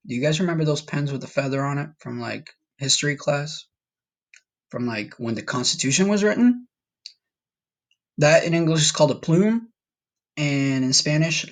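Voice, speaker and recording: A man from Colombia teaching a Spanish vocabulary lesson in a casual, patient way, repeating words for students to practice. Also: on the high side. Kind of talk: recorded classroom lesson.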